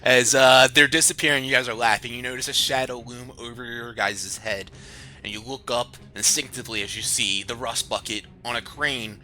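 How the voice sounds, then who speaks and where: Male game master, bright and forceful tone, easygoing narration, music underneath. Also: mid-range voice. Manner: easygoing, slips into character quotes.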